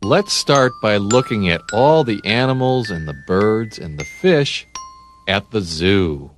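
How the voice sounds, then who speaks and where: A man hosting a children's read-along, talking slowly with sing-song emphasis and playful animal sounds. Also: on the low side, lively intonation, soft background music. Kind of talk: slow, animated reading to young children.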